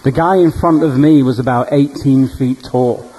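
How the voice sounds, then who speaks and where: A male preacher telling dream stories in a sermon, animated and humorous. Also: mid-range voice, normal speed, husky, low-quality recording. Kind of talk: storytelling sermon.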